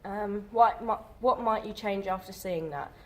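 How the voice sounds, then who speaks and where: A woman's voice: medium pitch, unhurried. A woman drama student talking casually in a group discussion, chatty and full of fillers.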